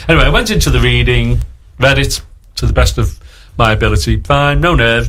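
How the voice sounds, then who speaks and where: A man's voice: medium pitch, fairly quick, fairly bright tone. A man in his sixties from Liverpool, with a Liverpool accent, telling rambling show-business stories as a guest on a radio interview. He keeps acting out what other people said. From Liverpool, England. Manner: rambling storyteller who acts out other people's lines. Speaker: guest actor.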